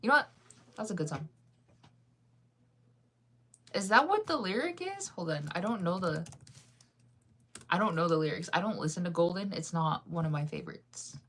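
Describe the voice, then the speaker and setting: A young woman with a slightly low voice chats with viewers while she reads comments. She keeps it loose and talkative and laughs often. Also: fairly quick, a bit bright. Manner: chatty, laughs often, sings snippets off-key. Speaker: livestreamer reading comments. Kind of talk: casual chat with viewers.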